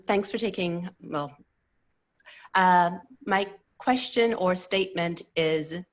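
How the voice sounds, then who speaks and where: A woman giving a measured, questioning public comment. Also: fairly low pitch.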